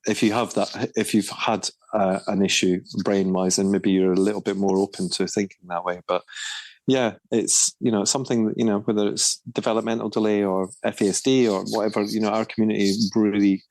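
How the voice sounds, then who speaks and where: A man's voice: fairly low pitch, steady tone, a little fast, darkish tone, no echo. A man co-hosting a podcast, chatting casually with teasing, wry banter. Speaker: podcast co-host. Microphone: podcast microphone.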